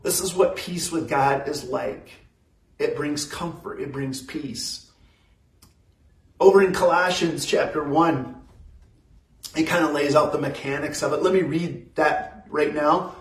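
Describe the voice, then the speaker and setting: Slow, measured preaching man. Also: fairly high pitch, roomy sound, far from the mic, low-quality recording. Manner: slow, measured preaching with pauses and repeated phrases. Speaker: pastor. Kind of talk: sermon.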